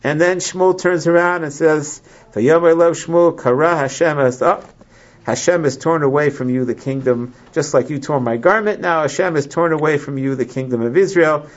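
A man with a fairly high voice teaches a Bible class to a small group. He reads each verse, then explains it with frequent restarts and fillers. The recording is muffled and lo-fi. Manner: halting, many restarts, reads Hebrew verses then translates. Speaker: Torah teacher.

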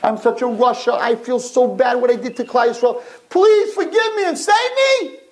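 A man's voice: very high-pitched, little pitch movement, brisk, a little mellow, pitched above the performer's own voice. A man voicing a wicked, desperate king who screams for rescue while being boiled. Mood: pleading. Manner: frantic screaming pleas.

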